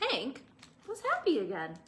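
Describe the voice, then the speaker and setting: A young woman, a children's librarian, reading a picture book aloud to young children with an expressive, engaging manner. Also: a little high, measured pace, a little hiss or hum. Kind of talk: children's storytime read-aloud.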